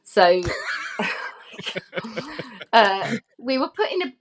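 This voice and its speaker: A woman's voice: a little high, very animated, very slow, husky. Chatty giggly woman. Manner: chatty, giggly, lots of fillers. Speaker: podcast guest, former film extra. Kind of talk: casual chat, anecdote.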